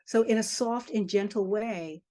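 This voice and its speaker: An older woman speaks as an author in an interview, earnest and steady, leaning on repeated phrases for emphasis. Her voice sits at a middle pitch. The sound is dry and close. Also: measured pace, no echo. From Charleston, South Carolina family; grew up in Harlem. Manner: earnest storytelling, emphatic repetition. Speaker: children's author and guest. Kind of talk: podcast interview.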